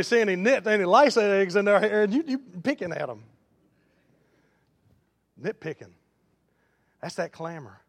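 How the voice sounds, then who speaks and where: A man preaching a sermon in a folksy manner, building to loud, emphatic runs. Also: sits high. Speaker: pastor. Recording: long hall reverb.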